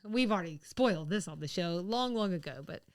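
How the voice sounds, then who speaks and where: A woman from the American South chats casually as a podcast co-host. Her voice is smooth and clear, and she wanders into rambling asides between bursts of laughter. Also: on the low side, animated, brisk. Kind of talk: casual chat.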